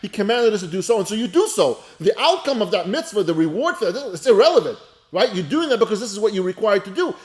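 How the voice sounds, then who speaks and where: A man's voice: high voice, big pitch swings, fast. A man, a rabbi teaching a Torah class, who reads a line of Hebrew and then translates and explains it in a casual, conversational way. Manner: conversational and repetitive, speaks straight to listeners.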